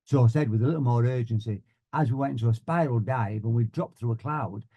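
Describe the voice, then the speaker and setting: A man from Yorkshire with a Yorkshire accent, giving a humorous motivational talk with deadpan, self-mocking timing. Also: mid-range voice, fast talker, highs cut off. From Yorkshire, England. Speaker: motivational speaker.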